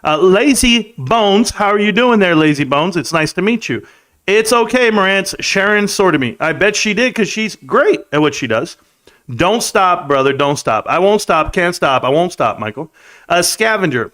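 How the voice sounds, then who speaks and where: Hosting a live stream, a man in his thirties reads chat messages aloud and jokes in a loose, rambling way. His voice is high-pitched, animated, and a bit bright, at a normal speed.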